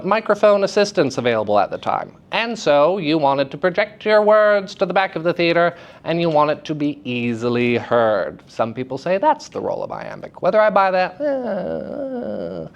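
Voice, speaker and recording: A man teaching young actors in a lively, playful lecture, joking with the students. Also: a little high, clean tone, lo-fi sound. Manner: lively, playful, jokes with audience. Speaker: theater teacher. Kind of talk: lecture to high school students. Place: school hall with audience.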